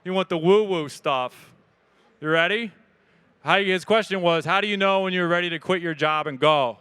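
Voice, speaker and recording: At a moderate pace, a man answers audience questions during a live talk in an expo hall. His voice is high, bright, and very clear. He keeps things casual and lively, joking throughout.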